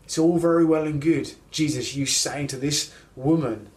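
A man preaching a sermon in a conversational storytelling way, slowing down to press key lines. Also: on the high side, a little mellow. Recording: roomy echo.

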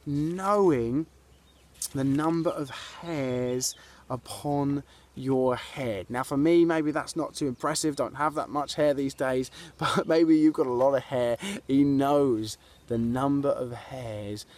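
A man's voice: mid-range voice, slow, darkish tone. A man preaching a sermon to people watching online, earnest and conversational, asking his listeners questions as he goes. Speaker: pastor. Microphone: video to online viewers.

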